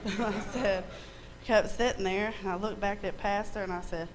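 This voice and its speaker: A woman's voice: mid-range voice, steady tone, normal speed, poor audio. A woman giving a spontaneous testimony at a church service, candid and chatty, laughing often and swearing mildly.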